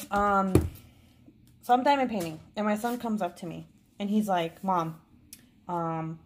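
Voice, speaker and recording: Woman, 30s, crafting vlogger, casual rambling storyteller, mid-pitched. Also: slight background noise. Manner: rambling storyteller, chatty, laughs often. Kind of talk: casual chat while unboxing.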